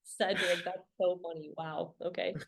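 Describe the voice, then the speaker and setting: A woman's voice: on the low side, flat delivery, moderate pace, gravelly. A woman co-hosting a podcast, chatting casually and laughing easily. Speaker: podcast co-host, former coach. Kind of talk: casual chat.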